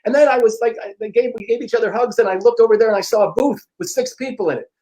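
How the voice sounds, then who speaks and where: A middle-aged man, an interview guest and personal growth teacher, telling a story in a frank, profane, animated way and acting out the dialogue. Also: extremely high pitch, racing, rough recording. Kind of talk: casual storytelling.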